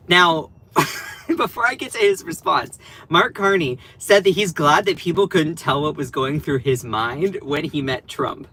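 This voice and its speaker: A man talks through political clips on his stream in a casual, sarcastic way. His voice sits a touch high for a man. He rambles, trails off and restarts sentences as he reacts. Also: pushed and bright, breathy edge. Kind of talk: casual commentary.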